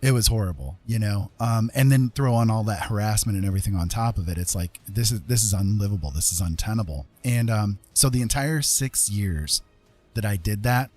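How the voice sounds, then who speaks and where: A man's voice: fairly low pitch, brisk, a little mellow, faint music behind. A middle-aged man hosting a livestream, talking casually in a loose, rambling way with lots of fillers and restarts. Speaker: livestream host.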